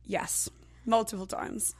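A woman, a guest chatting candidly and casually, full of fillers and quick laughs. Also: medium pitch, flat delivery, slightly rough, no room sound, in a whisper.

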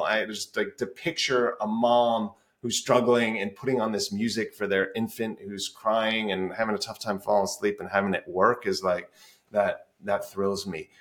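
A man in his forties, a music therapist, telling stories animatedly in a casual interview and swearing freely. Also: lowish voice. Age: 40s. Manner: animated, swears freely, acts out his own past thoughts. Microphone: podcast call.

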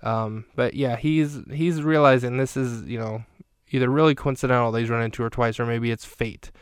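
Male podcast host, casual film recap, chatty and rambling, flat delivery, clean dry recording. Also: medium pitch, normal speed, smooth, no room sound.

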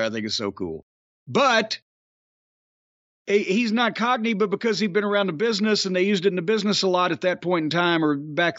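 A man's voice: sits high, fairly bright tone, no echo. A middle-aged man hosting a podcast, chatting casually with profane, rambling storytelling. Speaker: podcast host. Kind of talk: casual chat. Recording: dry, dull lo-fi sound.

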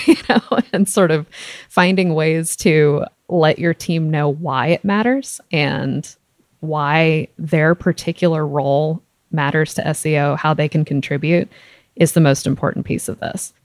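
A woman speaking as a podcast guest, explaining her points in a steady, methodical way. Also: low-pitched, dry recording, studio quality. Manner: explanatory, steady, occasional laughs. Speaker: guest, SEO director. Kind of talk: podcast conversation.

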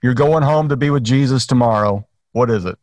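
A man with a Southern US accent, interviewing a pastor in a relaxed, conversational way. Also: medium pitch, fairly quick, no echo.

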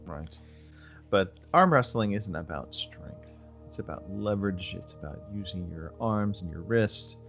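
Guy playing a tabletop game over a call, thinking out loud, lo-fi audio. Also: low voice, lively intonation, a little slow, creaky, soft background music. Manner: thoughtful, reasoning aloud. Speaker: player. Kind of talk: casual game chat.

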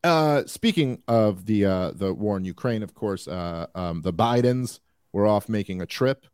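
Rambling, animated male podcast host. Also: on the low side, a little slow, clean tone, dry recording, studio quality. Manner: rambling, animated, frequent fillers. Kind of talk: casual political commentary.

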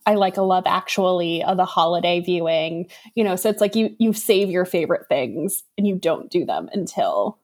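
A woman author, a guest on a podcast, talking in a relaxed, reflective way. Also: lowish voice, moderate pace, hardly any pauses. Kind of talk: casual chat.

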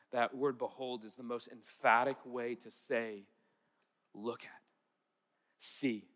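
Man, pastor, sermon, earnest emphatic repetition, higher-pitched voice, long hall reverb. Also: fairly bright tone.

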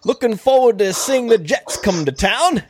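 A man's voice: expressive, background noise. A man doing a hammy put-on British accent as a jokey impression. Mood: mocking. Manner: hammy, sing-song, high and slow.

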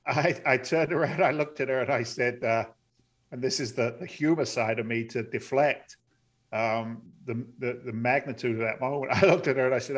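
Middle-aged guy on a podcast telling his story, earnest, choked up, gets loud and excited. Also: mid-range voice, normal speed. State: close to tears. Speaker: podcast guest. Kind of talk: emotional storytelling interview.

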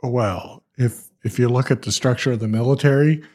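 Mid-pitched man explaining calmly. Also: moderate pace. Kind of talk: casual chat.

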